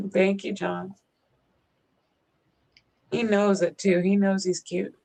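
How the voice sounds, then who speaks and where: A woman's voice: mid-range voice, flat delivery, slow pace, creaky, dark tone, low-quality recording. A woman co-hosting a casual live-stream chat, talking fondly and in baby-talk to her dog between stories. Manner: baby-talks to her dog, chatty and fond. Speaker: co-host.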